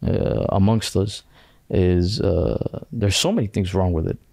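A low, gravelly man talks bluntly in a relaxed, casual way, mixing street slang with recited Arabic phrases. His voice sits dark and mellow, and the recording is close and dry. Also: measured pace, no room sound. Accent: British. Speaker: guest scholar. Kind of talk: casual podcast discussion.

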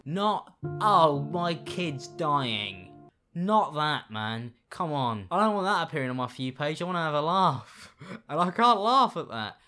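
A man giving casual reaction commentary, with sarcastic, deadpan asides. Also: on the high side, moderate pace, faint music behind. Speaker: YouTube commentator.

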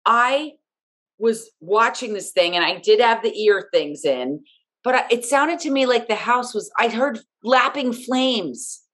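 A woman's voice: on the high side, animated, a little slow, a bit bright. A woman co-hosting a casual podcast, talking animatedly and indignantly and acting out her own reactions. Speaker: podcast co-host recapping a TV episode. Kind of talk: casual chat.

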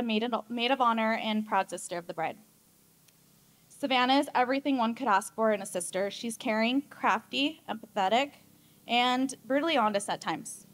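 A woman's voice: a little high, a bit bright. A young adult woman giving a maid of honor toast at a wedding reception, chatty and emotional, often laughing.

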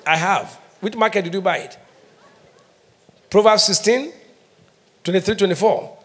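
A man's voice: high voice, normal speed, a bit bright. A middle-aged man with a Nigerian accent preaching a sermon as pastor, emphatic, asking the congregation questions and having them answer. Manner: emphatic call-and-response preaching.

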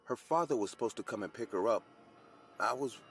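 A man voicing a grieving middle-aged woman hospital supervisor who speaks low and urgently. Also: expressive, fairly quick, a little hiss or hum, close to an everyday voice.

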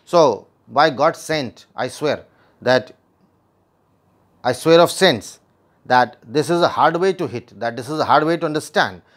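A man's voice: mid-range voice, a little slow. A man teaching a literature lesson, explaining a play line by line and paraphrasing each quoted line in simpler words, with restarts.

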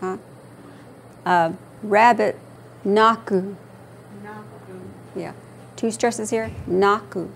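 A woman instructor teaching a language class, slowly repeating each word for her students in a patient manner. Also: mid-range voice, creaky, a little hiss or hum.

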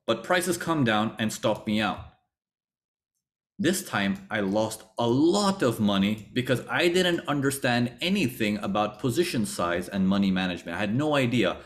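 Animated low-voiced man teaching a webinar. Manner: animated storytelling, acts out his past thoughts; repeats phrases for emphasis. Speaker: trading teacher. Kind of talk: webinar lecture.

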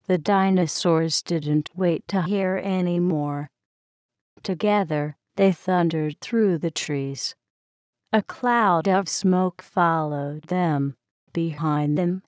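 Woman narrating a kids' storybook, very slow and smooth, dry close sound. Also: lowish voice, darkish tone, no room sound. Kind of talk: children's story reading.

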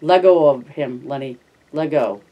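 A narrator voicing a worried ranch worker who shouts urgently. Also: medium pitch, measured pace, muffled recording, natural voice.

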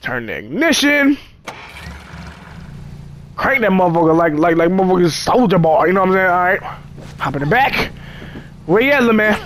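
A man's voice: high voice, sing-song, moderate pace, long pauses, fairly bright tone, slight background noise. A man giving casual gameplay commentary, joking and cursing as he chatters to the game characters. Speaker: gamer.

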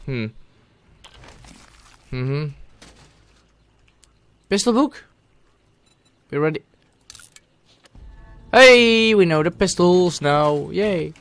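A man hosting a gaming channel, giving let's play commentary as he talks to himself and bursts into loud, excited shouts. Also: fairly high pitch, drawn-out words, pauses often.

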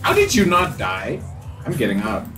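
A man gaming with a friend, his voice leaping all over the place as he squeals and laughs. He keeps up excited, casual chatter with a faint bed of game music behind him. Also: mid-range voice, moderate pace. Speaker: gamer. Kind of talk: casual gameplay chat.

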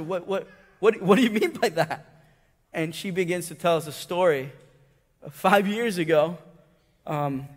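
High-pitched guy preaching, goes loud then real soft, big echoey church hall. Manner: swings from loud excited storytelling to hushed tender asides. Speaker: pastor. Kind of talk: sermon. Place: church sanctuary.

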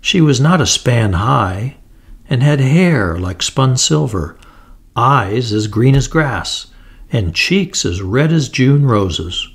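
Male storyteller, slow and deliberate, gravelly with a husky grain; fairy-tale read. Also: mid-range voice, animated. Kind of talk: storybook narration.

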